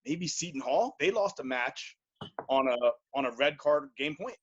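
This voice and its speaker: Male guest, higher voice, hesitant casual talk, muffled audio. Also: lively intonation, moderate pace, a bit bright, slightly rough. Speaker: interview guest. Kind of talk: casual interview chat.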